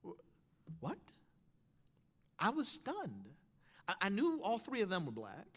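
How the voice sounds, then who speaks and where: Male speaker, thirties, wry and animated storyteller; long hall echo. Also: sits high, slow pace. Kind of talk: storytelling talk on stage.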